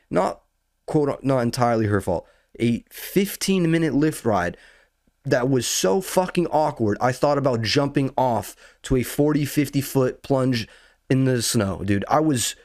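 A man's voice: mid-range voice, a little mellow, no room sound, studio quality. A young man casually telling a rambling, profane story as a podcast host, full of slang and building into outrage.

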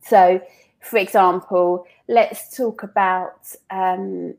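A woman's voice: mid-range voice, fairly even intonation, slow pace. Chatty businesswoman with many restarts. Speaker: business owner guest. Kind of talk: casual interview talk.

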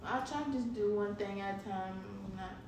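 Woman, casual podcast co-host, relaxed and reflective, far from the mic, echoey room. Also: medium pitch, brisk. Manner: relaxed, reflective, laughs easily. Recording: echoey room from a distance with noise.

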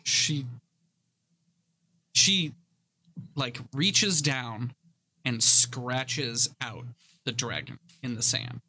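A man running a tabletop game as game master, describing a character's actions in a relaxed way with many fillers. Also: medium pitch, very slow, long pauses, slight background noise, rough recording.

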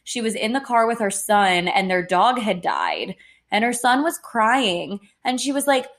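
A young woman co-hosting a podcast, chatting casually and bluntly, indignant and quick to swear. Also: medium pitch, very animated, fairly bright tone. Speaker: podcast co-host. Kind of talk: casual chat.

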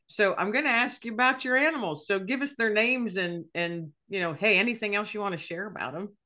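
Bright, friendly woman podcast host. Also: mid-range voice, a little fast. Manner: friendly, addresses listeners directly. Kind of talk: casual podcast interview.

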